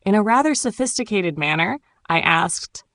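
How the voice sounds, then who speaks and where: A woman from Turkey, narrating her own memoir audiobook in a calm, reflective storytelling manner. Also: mid-range voice, normal speed, dry recording, clean studio sound.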